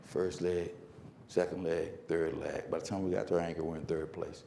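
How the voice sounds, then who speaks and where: A middle-aged man giving a conference keynote, telling a story that swings from loud bursts to hushed lines. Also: low-pitched, flat delivery, moderate pace, gravelly, slight background noise. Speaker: motivational speaker. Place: conference hall.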